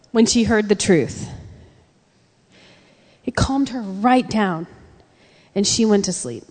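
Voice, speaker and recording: A woman preacher giving a sermon with animated storytelling, acting out quotes. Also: medium pitch. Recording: long reverb of a large hall.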